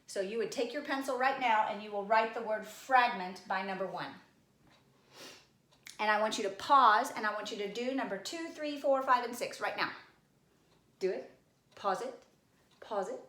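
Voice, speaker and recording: A woman's voice: medium pitch, moderate pace, long pauses, fairly bright tone, echoey room. A woman teacher giving a recorded grammar lesson, coaxing and addressing her class directly.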